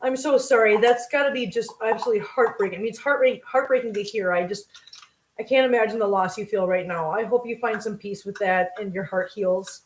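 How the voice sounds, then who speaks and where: A woman's voice: mid-range voice, fairly even intonation, a little fast, echoey room, low-quality recording. A woman hosting a cooking livestream, chatting emotionally and gushing thanks at her viewers while she cooks at home. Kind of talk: casual live-stream chat while cooking. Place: home kitchen.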